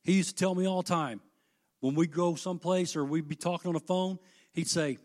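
A middle-aged preacher delivers a sermon in a voice pitched a little high for a man. He talks in a folksy way and drops to hushed, confiding lines before building to loud, fervent peaks. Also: fairly even intonation, brisk. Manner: impassioned and folksy, swinging between hushed and loud emphatic peaks.

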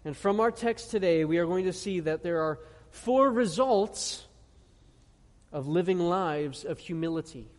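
High-voiced preacher in a reverberant hall. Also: male voice, animated. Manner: earnest preaching with rhetorical questions and slow emphatic scripture reading. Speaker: pastor. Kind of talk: sermon. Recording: long reverb of a large hall.

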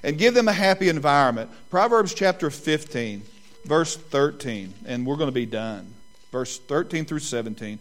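A middle-aged man, preaching a sermon and telling family stories in lively quoted voices. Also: on the high side, moderate pace, soft background music. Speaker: pastor.

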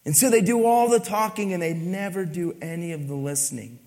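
With a high-pitched, brisk, darkish voice, a man delivers a sermon as pastor, putting questions to the congregation and driving his points home emphatically. The recording carries the long reverb of a church hall.

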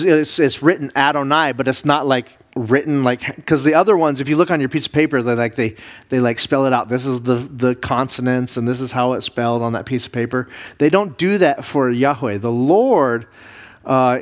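A man, a pastor, teaching a Bible class, explaining Hebrew words slowly with many fillers and restarts. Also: medium pitch. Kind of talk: classroom lesson reading Hebrew.

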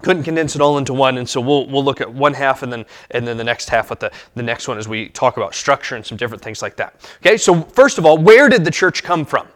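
A man in his thirties preaching a sermon as pastor, pausing often with fillers and restarts. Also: mid-range voice, lively intonation, a bit bright. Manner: halting, many fillers and restarts.

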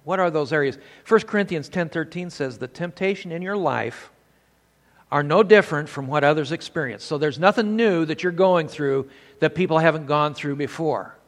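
A man's voice: on the high side, normal speed, in a large hall. Older man preaching with folksy stories. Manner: folksy storytelling with scripture. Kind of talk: sermon.

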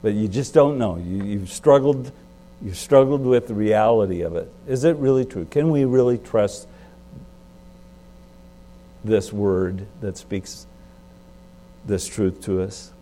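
A male pastor preaches conversationally, posing questions to his listeners and suddenly jumping in pitch and volume for emphasis. He speaks slowly with long pauses, over slight background noise.

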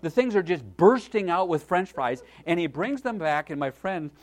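A man preaching a sermon, telling a story in a folksy, lively way and often checking in with a "right?". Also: sits high, moderate pace.

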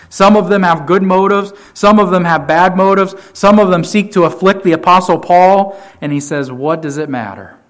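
Emphatic male pastor preaching. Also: sits high. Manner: emphatic, repeats key phrases, dynamic swings in loudness. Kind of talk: sermon.

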